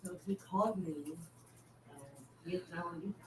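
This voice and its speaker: A woman in a recovery support group, sharing her family story haltingly, with pauses. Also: on the low side, roomy sound, rough recording.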